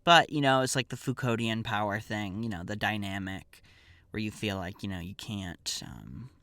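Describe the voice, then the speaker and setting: A man's voice: fairly low pitch, moderate pace, pushed and bright, no echo. Offhand wry man telling a story. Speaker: podcast host and storyteller. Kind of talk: casual comedic storytelling.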